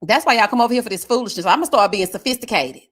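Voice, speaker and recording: A woman hosting a casual live stream, chatting with viewers and reading their comments, often breaking into laughter and drawn-out murmurs of agreement. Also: a little high, fairly bright tone. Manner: chatty, talks straight to viewers.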